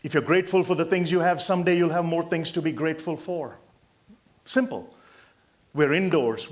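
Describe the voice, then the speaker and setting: A motivational speaker from India in his sixties, with a voice on the high side, addresses hospital staff. He tells stories emphatically, alternating loud punchlines with quiet asides.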